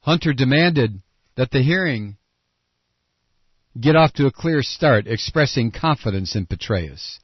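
Sarcastic male radio host on a lo-fi, dry recording, with a husky edge and dull sound. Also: medium pitch, animated, unhurried, long pauses, no echo. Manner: sarcastic, ranting, reads news aloud. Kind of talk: opinionated talk radio monologue.

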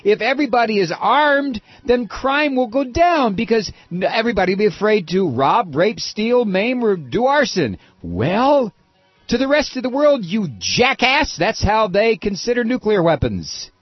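An American man hosting a talk radio show, delivering a sarcastic, mocking monologue that swings between shouted rants and low muttered asides. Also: sing-song, moderate pace, breathy edge, no room sound, lo-fi sound. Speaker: political talk radio host.

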